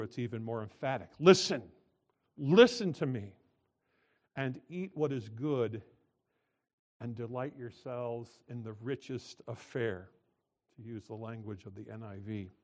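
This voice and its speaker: Emphatic man preaching a sermon. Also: medium pitch. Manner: emphatic preaching with wide swings in loudness. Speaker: pastor.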